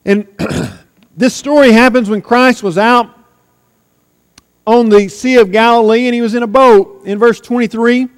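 A man's voice: high-pitched, fairly even intonation, measured pace, smooth, in a large hall. A man preaching a sermon earnestly, with rising and falling emphasis.

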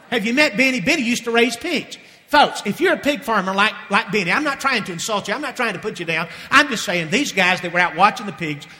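A male pastor tells a Bible story to the congregation and keeps asking them questions. His voice is high and sharply bright. A long hall reverb trails after every line. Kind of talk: sermon. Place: church sanctuary with balcony.

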